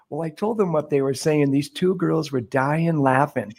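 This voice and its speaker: A man's voice: fairly high pitch, moderate pace, gravelly, husky. A man, a priest, chatting and telling stories on a podcast, laughing as he goes. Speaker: priest guest. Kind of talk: casual podcast storytelling. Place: Guatemala, on a remote call.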